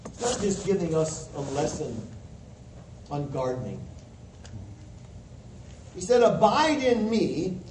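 A man's voice: high voice, very animated, slow pace, pauses often. A man preaching a sermon, quoting scripture and pressing his points with emphasis. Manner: emphatic, quotes scripture with rising fervor. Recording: roomy distant mic with faint hiss.

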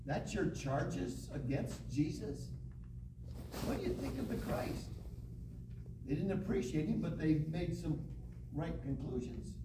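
A man teaching a Bible lesson to a class, reading scripture aloud with dramatic pauses. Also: on the high side, expressive. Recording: echoey room, distant mic, faint hiss.

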